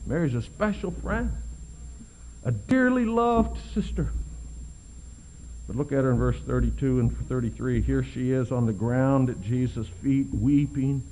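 A man preaching a sermon with expressive delivery, dropping to soft hushed lows and rising to loud emphatic peaks, slowing down to stress key words. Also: a little hiss or hum, low-quality recording.

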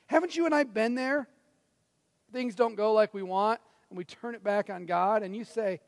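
Pastor, male, high gravelly voice, dramatic sermon delivery in a reverberant hall. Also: normal speed. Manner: dramatic, swings from loud to hushed, acts out quotes.

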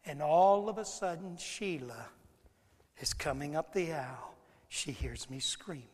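High-voiced pastor preaching in a hall. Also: male voice, lively intonation, unhurried. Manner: swings from hushed to shouting, repeats words. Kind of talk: sermon. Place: church hall.

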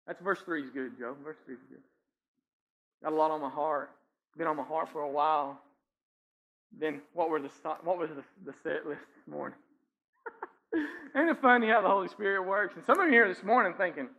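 Preacher chuckling through a sermon. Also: male voice, a little high, moderate pace, pauses often, sharp tone, lo-fi sound. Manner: conversational preaching, frequent "right?" asides and chuckles. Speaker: pastor. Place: church sanctuary.

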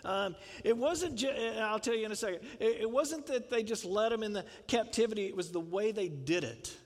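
Male pastor, conversational sermon, fairly high voice, long reverb of a big hall. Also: fairly quick. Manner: conversational, asks the congregation questions, chuckles.

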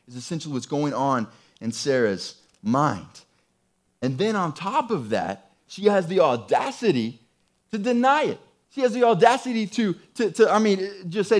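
A man's voice: a little high, big pitch swings, moderate pace. A man preaching a sermon in a conversational, emphatic way, often repeating phrases. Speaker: pastor.

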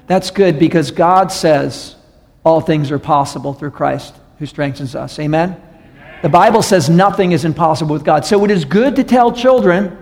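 Pastor preaching in a big echoing hall. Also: male voice, fairly high pitch, normal speed, darkish tone. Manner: storytelling, acts out voices in stories. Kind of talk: sermon. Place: church sanctuary. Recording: long reverb of a large hall.

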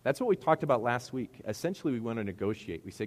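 With a medium-pitched, sing-song voice and a fast pace, a pastor preaches in a Midwestern American accent. His sermon to the congregation in a middle school hall is conversational and full of rhetorical questions.

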